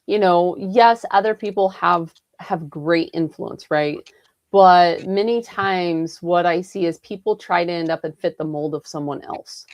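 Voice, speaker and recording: A woman's voice: lowish voice, measured pace, darkish tone, no room sound, studio quality. A woman in a roundtable chat, explaining her views in an earnest way, often checking in with "right?" and "you know". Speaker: roundtable participant, health coach.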